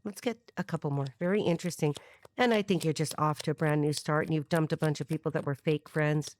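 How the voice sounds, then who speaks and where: A woman's voice: low voice, steady tone, quick pace, a little mellow, no echo. Rambling woman doing a tarot reading. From United States. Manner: rambling, free-associating, with sung snippets and put-on voices; profane, wisecracking asides. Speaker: tarot reader. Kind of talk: freestyle tarot reading monologue.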